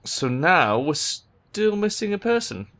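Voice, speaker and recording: A man giving game commentary as a gaming video maker, exasperated and swearing a lot, breaking into loud rants. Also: sits high, sing-song, slow pace. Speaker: gaming YouTuber.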